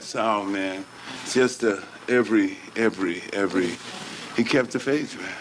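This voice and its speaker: A man's voice: lowish voice, a little hiss or hum. A man speaking in an emotional reunion, laughing and exclaiming as he talks about an old friend. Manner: slow, laughing, overwhelmed, exclaims often. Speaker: visitor reuniting with a freed friend. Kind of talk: emotional casual chat.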